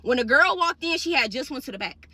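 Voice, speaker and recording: A woman's voice: sits high, animated, fast, pushed and bright, husky, dry recording. A young woman hairstylist telling a casual storytime straight to her viewers, blunt and profane.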